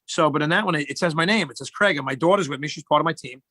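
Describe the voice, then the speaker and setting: A man's voice: a little high, rapid-fire, bright, forceful tone, no echo. A middle-aged man, a guest in casual chat, telling rambling joking stories.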